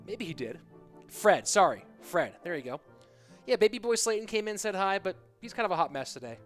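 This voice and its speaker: Excitable high-voiced male game caster. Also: fairly quick. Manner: chatty, excitable play-by-play, talks to chat. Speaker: esports caster. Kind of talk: live stream commentary. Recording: music bed behind voice.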